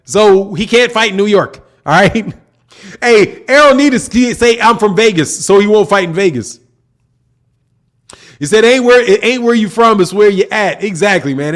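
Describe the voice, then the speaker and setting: Casual male host, higher voice, slangy, laughs a lot, chatty livestream. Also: a bit bright. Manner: laughs often, slangy, repeats "man". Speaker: boxing channel host. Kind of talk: casual livestream chat reading comments.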